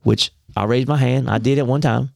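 Folksy man with a gravelly voice. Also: medium pitch, fairly even intonation, brisk, no echo, clean studio sound. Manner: folksy, conversational, preachy asides. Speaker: podcast co-host. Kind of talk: casual faith podcast discussion.

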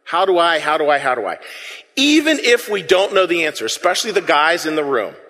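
A man with a high, animated voice delivers a sermon to his congregation in a relaxed, conversational way, asking them to answer back. His tone is bright and forward. The sound rings in a large hall with long reverb. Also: a little fast. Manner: conversational, asks the congregation to respond. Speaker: pastor.

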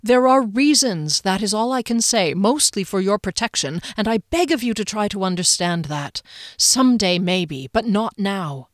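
A woman's voice: mid-range voice, expressive, moderate pace, dry recording, clean studio sound, lightly acted. A woman voicing an earnest, secretive male noble leader in an audiobook reading, speaking with pleading sincerity.

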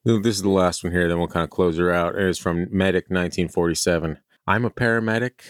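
Deep-voiced man, dry close sound. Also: steady tone, no echo. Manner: jokey, swears, puts on quick voices for bits. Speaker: podcast co-host. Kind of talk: casual chat, reading listener stories.

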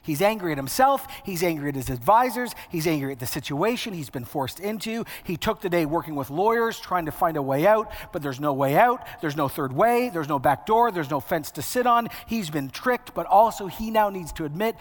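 A man's voice: fairly high pitch, lively intonation, fairly quick, few pauses. A male preacher delivering a sermon in a conversational, wry way, building emphasis through repetition. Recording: long hall reverb.

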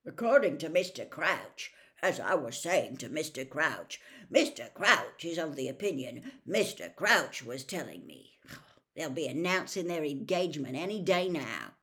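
A woman's voice: deep voice, sing-song, unhurried, fairly bright tone, heavily acted. A woman voicing a grumbling, sarcastic teenage boy wizard in a storybook reading.

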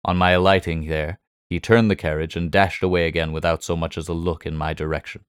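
A man narrating a classic detective story in a measured, formal storytelling manner. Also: low voice, little pitch movement, clean tone, no echo, studio quality. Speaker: audiobook narrator.

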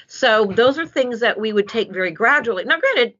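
A woman dog trainer giving casual, animated advice and acting out what a dog might say. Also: medium pitch, normal speed, hardly any pauses. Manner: animated, acts out dog voices. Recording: dull lo-fi sound.

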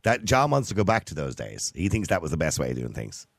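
A man hosts a radio phone-in from a dry, close studio mic. His voice sits low and moves quickly, with lively swings in pitch as he keeps cutting in to calm down arguing callers. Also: no echo. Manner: moderating, interjecting to calm callers. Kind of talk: live radio call-in debate.

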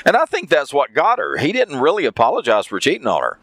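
A man's voice: mid-range voice, huge pitch swings, fast, a bit bright, no echo. A man telling a story in a casual monologue, repeating phrases for emphasis.

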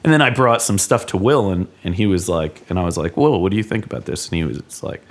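A man, a songwriter, in a relaxed, rambling podcast chat, laughing often. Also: sits low, fast. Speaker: songwriter guest.

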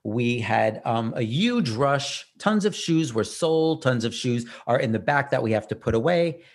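Brief: male podcast host at an average pitch, casual, animated, self-mocking storyteller. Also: unhurried.

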